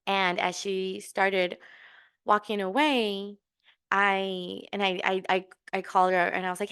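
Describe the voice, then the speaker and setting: A woman's voice: medium pitch, steady tone, unhurried, clear, resonant tone. A middle-aged woman hosting a podcast, telling a casual story and encouraging listeners, laughing often and restarting her sentences. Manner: laughing, chatty, many restarts and fillers; warm and encouraging. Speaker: podcast host.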